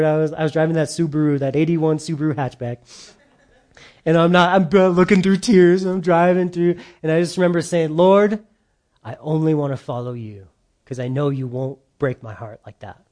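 A man's voice: a little high, a little mellow. A middle-aged male pastor giving an earnest, conversational sermon, often restarting his sentences as he explains a scripture passage. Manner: conversational, earnest, self-interrupting.

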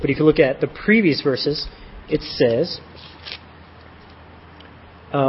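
A man's voice: a little high, animated, slow pace, dull audio, slight background noise. A man preaching a sermon in a conversational style, with self-deprecating joking asides.

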